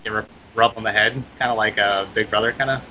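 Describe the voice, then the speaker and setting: A man's voice: lowish voice, steady tone, quick pace, pushed and bright, muffled recording, a little hiss or hum. A man playing a tabletop game, joking around and swearing casually. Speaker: player.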